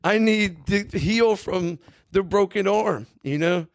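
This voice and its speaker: Middle-aged man, podcast guest, earnest emphatic storyteller, slightly high voice, dry close recording. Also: takes it slowly, no room sound. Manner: earnest, emphatic, with frequent "you know" and "right". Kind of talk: candid storytelling.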